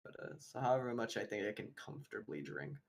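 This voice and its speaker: A man's voice: fairly low pitch, expressive, quick pace, vocal fry. A man playing a tabletop game, enthusiastic and casual, swearing freely. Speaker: player.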